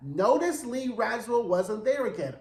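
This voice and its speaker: A man's voice: extremely high pitch, very animated, moderate pace, a little mellow. A man hosting a casual TV recap, talking in a chatty, dramatic way with frequent asides and swearing. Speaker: TV recap host. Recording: roomy echo.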